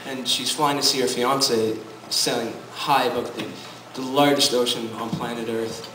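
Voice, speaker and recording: Guy talking softly over his acoustic guitar at a coffee house gig, kinda far from the mic, echoey room. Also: medium pitch, fairly even intonation, a little hiss or hum. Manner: quiet, unhurried storytelling over guitar. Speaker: singer-songwriter performing live. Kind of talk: spoken story introducing a song. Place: coffee house performance space. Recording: roomy, distant live recording with loud guitar. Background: loud live acoustic guitar.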